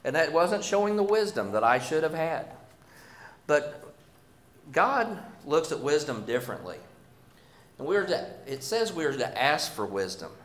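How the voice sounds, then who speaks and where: A man's voice: on the high side, very animated, normal speed, pauses often, fairly bright tone, reverberant. A man preaching a sermon, reading scripture and then talking in a folksy, self-deprecating way with many restarts.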